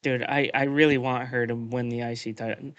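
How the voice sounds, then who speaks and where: A man's voice: mid-range voice, little pitch movement, brisk, fairly bright tone, dry recording, highs cut off. A man co-hosting a podcast, recapping wrestling in casual chat, blunt and profane, with lots of "uh" and "um". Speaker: podcast co-host.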